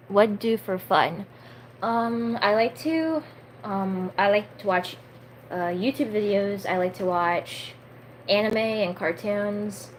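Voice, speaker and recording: A woman's voice: medium pitch, slight background noise, low-quality recording. Chatty twenty-year-old woman reading aloud. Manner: chatty, filler-heavy, stumbles over hard words. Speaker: livestreamer reading a book aloud. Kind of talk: casual live-stream chat and read-aloud.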